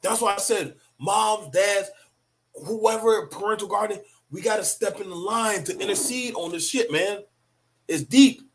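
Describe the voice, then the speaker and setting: A man's voice: high voice, unhurried. A middle-aged man giving a blunt, profane, preachy opinion monologue about parenting. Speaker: commentator on parenting.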